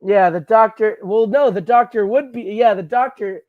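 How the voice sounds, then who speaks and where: A man's voice: high voice, normal speed, phone-quality sound. A man co-hosting a podcast, improvising silly comedy scenes in a rambling, stammering way. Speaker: podcast co-host.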